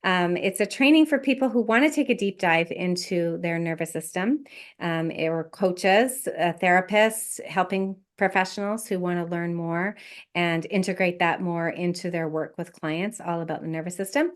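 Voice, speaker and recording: A woman guest on a podcast, a life coach explaining her work in a measured, step-by-step way. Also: lowish voice. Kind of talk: explanatory interview talk.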